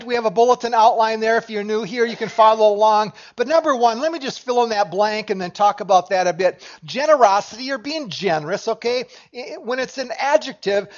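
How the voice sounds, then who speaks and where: A pastor delivers a sermon from a church with a notably high-pitched male voice. He talks with his congregation in a conversational way and puts questions to them as he goes. The sound is dull and lo-fi. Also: a little fast. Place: church sanctuary.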